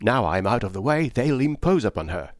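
A man voicing a brusque, blunt middle-aged spinster who speaks in curt, forceful bursts. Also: mid-range voice, big pitch swings, a little fast, no room sound, clean studio sound, close to an everyday voice. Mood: urgent.

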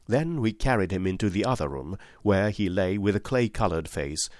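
A man narrating a classic story in an expressive, dramatic reading style. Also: low-pitched, dry recording, studio quality. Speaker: audiobook narrator.

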